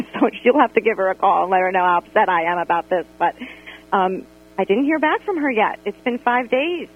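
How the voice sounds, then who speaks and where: A woman calling in to a radio show by phone, telling a story in an animated, exasperated way. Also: medium pitch, fairly quick. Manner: animated, exasperated retelling with quoted dialogue. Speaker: radio caller. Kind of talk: call-in storytelling about a friend. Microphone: telephone. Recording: tinny phone line on radio.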